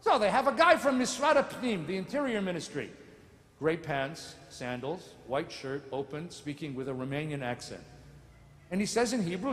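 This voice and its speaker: Animated rabbi in an echoey sanctuary. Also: male voice, fairly high pitch, moderate pace. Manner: animated, sardonic storytelling with mock voices. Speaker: rabbi giving a lecture. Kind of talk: lecture with humor. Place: large synagogue sanctuary. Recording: echoey sanctuary with long reverb.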